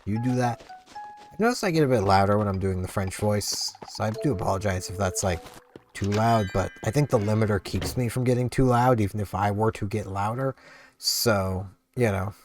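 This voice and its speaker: A man's voice: lowish voice, moderate pace, faint music behind. A sleepy man rambling chattily through casual gameplay commentary. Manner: rambling, chatty, easily amused. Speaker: gaming channel host.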